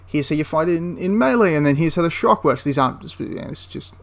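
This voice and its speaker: A man's voice: a little high, animated, fast talker, gravelly. A man giving a casual, enthusiastic spoken review of a tabletop wargame, rambling into asides and restarting his sentences.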